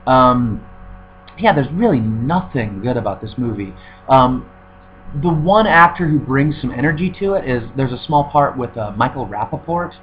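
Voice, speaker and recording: A man's voice: medium pitch, expressive, normal speed. A man giving a sarcastic, profane, rambling review of a film in casual chat, full of fillers. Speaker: movie reviewer. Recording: dull recording with faint hum.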